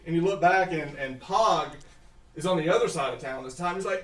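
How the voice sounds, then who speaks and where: A man's voice: fairly high pitch, brisk, fairly bright tone, reverberant, far from the mic. A man narrating a tabletop game as game master, laughing often and breaking into voices for the townsfolk.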